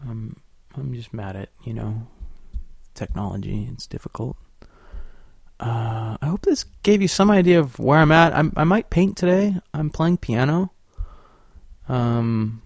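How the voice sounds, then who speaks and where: A young man from Sacramento hosting a solo podcast, rambling and profane, swinging between quiet musing and loud ranting. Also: high-pitched, lively intonation, moderate pace, no echo, clean studio sound. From Sacramento, California. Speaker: podcast host.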